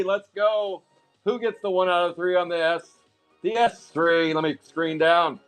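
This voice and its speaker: A man hosting a live card break, calling out hits in a hyped, rapid, joking way while out of breath. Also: high voice, fairly even intonation, clean tone, faint music behind.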